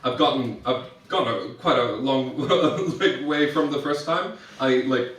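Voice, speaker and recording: A man's voice: mid-range voice, unhurried, a bit bright. A young adult man doing drag stand-up, telling chatty, self-mocking stories with lots of restarts and giggles. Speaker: drag performer. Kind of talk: stand-up storytelling. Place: live show venue. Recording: echoey room, voice from some distance.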